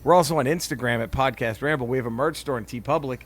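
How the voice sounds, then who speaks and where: A man's voice: mid-range voice, quick pace. A man co-hosting a podcast in casual banter, profane and joking, laughing often and restarting his sentences as he rambles. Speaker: podcast co-host.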